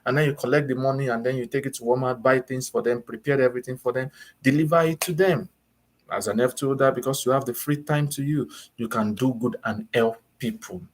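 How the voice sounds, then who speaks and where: A man talking through practical advice in a loose, conversational way. He circles back, restates his points and slips into little acted-out dialogues between friends. His voice sits at an ordinary middle pitch. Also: a little fast. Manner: conversational, repeats and rephrases, acts out little dialogues. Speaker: advice vlogger on student visas. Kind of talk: casual advice talk.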